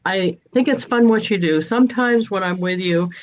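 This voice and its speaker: A woman's voice: medium pitch, moderate pace. Woman, host, casual chat, cheerful, laughs often, muffled lo-fi audio. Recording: dull, dry lo-fi audio.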